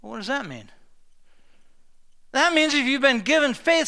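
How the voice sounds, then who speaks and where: An older man preaching a lively sermon, telling stories with acted-out voices and humor, often restarting and repeating words. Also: extremely high pitch, normal speed. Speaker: pastor.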